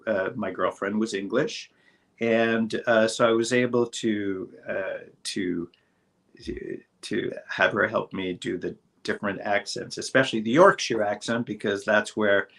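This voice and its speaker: A man's voice: on the low side, vocal fry, a bit bright. A man in his sixties, a guest actor in a casual interview, talking in a rambling, hesitant way with many fillers and restarts. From Saint Boniface, Manitoba, Canada. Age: 60s.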